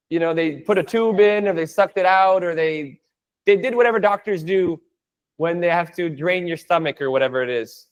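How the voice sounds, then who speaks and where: A man teaching a live online Spanish class, playful and chatty, breaking down jokes and phrases for his students. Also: high-pitched.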